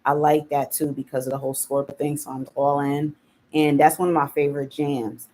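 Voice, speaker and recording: A live stream host giving relaxed, chatty reaction commentary on played clips. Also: medium pitch, brisk, a little hiss or hum.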